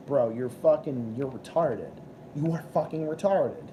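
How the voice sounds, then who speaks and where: A man's voice: mid-range voice, a little slow, mellow, a little hiss or hum. A young man hosting a live stream, ranting and swearing as he chats with viewers. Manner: profane, ranting, combative. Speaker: livestream host. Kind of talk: casual live-stream chat.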